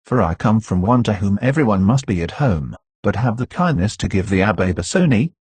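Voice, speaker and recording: A man's voice: on the low side, lively intonation, a little fast, a little mellow, husky, no room sound. A man voicing a polite, hesitant male envoy of the police in an audiobook, speaking formally.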